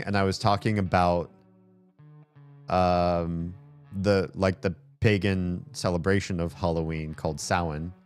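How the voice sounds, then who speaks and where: This is casual gameplay commentary from a man with a low-pitched, clean voice. He rambles loosely, filling gaps with fillers, as faint game music plays underneath.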